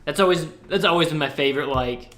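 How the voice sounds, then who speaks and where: A man's voice: a little high, fast, fairly bright tone. A man with a somewhat raised voice co-hosts a casual chat. He gushes with fanboy enthusiasm. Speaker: podcast co-host. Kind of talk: casual chat about video games.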